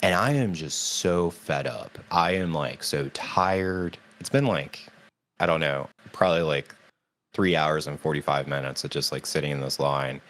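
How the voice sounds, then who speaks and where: Very low-voiced man telling a story. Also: normal speed, a little hiss or hum. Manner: animated storytelling, acts out quotes in a raised voice. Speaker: podcast co-host. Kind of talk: casual chat.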